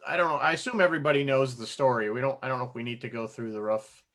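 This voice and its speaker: A man's voice: medium pitch, steady tone, very fast, fairly bright tone. A man co-hosting a casual chat, rambling and laughing often as he talks. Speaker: podcast co-host.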